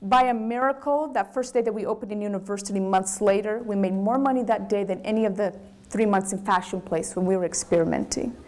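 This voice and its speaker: A woman with a Brazilian accent, a business owner giving a candid, animated lecture to students. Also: mid-range voice, fairly quick. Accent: Brazilian Portuguese. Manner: animated, candid storytelling with acted quotes.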